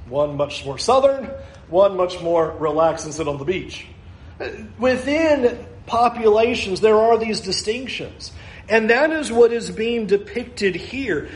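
High-voiced animated male preacher. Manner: animated, acts out quoted voices, wide swings in pace. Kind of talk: sermon. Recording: echoey room.

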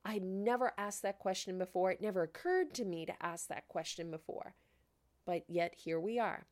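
A woman hosting a podcast, telling a story in a casual, animated way and acting out the dialogue. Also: medium pitch, normal speed. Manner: animated, laughing, acts out quoted dialogue. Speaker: podcast host.

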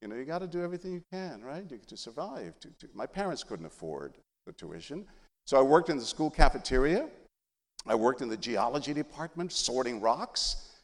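A middle-aged man from San Antonio tells his life story in an animated, humorous way. His pitch rises and falls a lot. A long reverb hangs after each phrase, as in a large hall. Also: brisk. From San Antonio, Texas. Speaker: journalist giving a talk. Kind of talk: storytelling speech.

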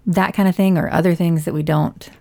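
A woman's voice: on the low side, fairly even intonation, fairly quick, a little mellow. A woman in casual conversation, offering reflective advice as a parent. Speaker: parent in discussion. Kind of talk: casual chat.

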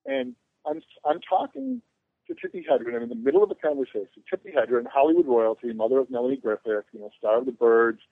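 Heard on a tinny phone line with no room sound, his mid-range voice is expressive and quick. The convention organizer rambles through anecdotes on a casual podcast, joking at his own expense.

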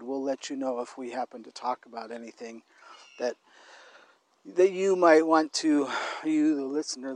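A man co-hosting a casual conversational podcast, talking in a thoughtful, halting way and often restarting his phrases. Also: medium pitch, darkish tone, dry recording. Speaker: podcast co-host.

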